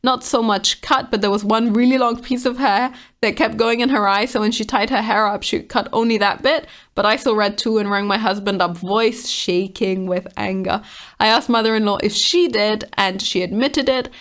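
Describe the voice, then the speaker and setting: A woman's voice: mid-range voice, steady tone, normal speed, fairly bright tone. A woman casually reading online comments aloud and reacting to them with frank exasperation.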